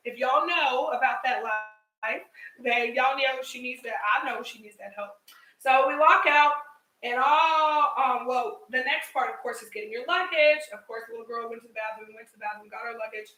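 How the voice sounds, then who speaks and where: A young woman telling a story to her viewers in a casual vlog, animated and chatty, laughing often and addressing them as y'all. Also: on the high side, moderate pace, roomy sound, far from the mic, low-quality recording. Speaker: vlogger. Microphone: headset mic.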